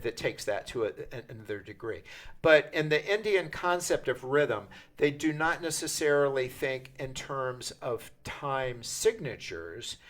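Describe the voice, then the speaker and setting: An older man leading a hands-on percussion workshop, talking in a chatty, halting way with many restarts. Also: medium pitch, a bit bright. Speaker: percussion teacher. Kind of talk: interactive music workshop.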